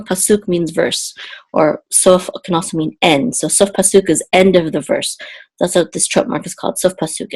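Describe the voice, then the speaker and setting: Female Hebrew tutor, slightly sore throat, patient explainer who breaks into sung chant phrases. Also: on the low side. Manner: explains slowly, then chants the trope melodies. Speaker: Hebrew teacher. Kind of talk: online Bible Hebrew lesson.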